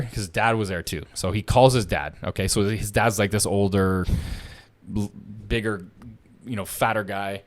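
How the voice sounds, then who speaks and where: A man's voice: fairly low pitch, moderate pace. A man casually telling a long story on a podcast, swearing a lot and repeating himself as he goes. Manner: profane, animated, repeats himself.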